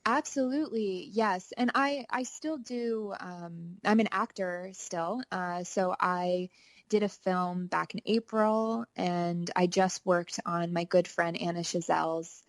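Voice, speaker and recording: A woman's voice: fairly low pitch, takes it slowly, no room sound. A young woman talking as a guest on a podcast, upbeat and chatty, laughing easily. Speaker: podcast guest, actor and songwriter. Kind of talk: casual interview chat.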